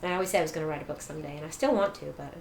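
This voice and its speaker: A middle-aged woman telling her personal story as an interview guest, animated, laughing often and acting out quoted dialogue. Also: sits low, very fast, gravelly. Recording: echoey room with faint noise.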